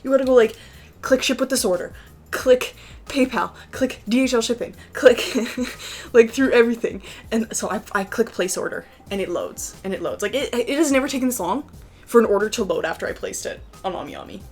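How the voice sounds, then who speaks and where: A young woman chatting excitedly at home as she unboxes collectible figures, with lots of "like" in her talk. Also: a little high, brisk, soft background music. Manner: excitable and chatty, heavy use of "like". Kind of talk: casual unboxing chat. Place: home room with a PC.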